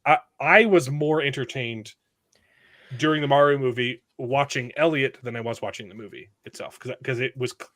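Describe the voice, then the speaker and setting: A man hosting a casual panel chat, a father, talking animatedly and jumping high in pitch when imitating others. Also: normal speed, fairly bright tone. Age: adult with a young son. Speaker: host.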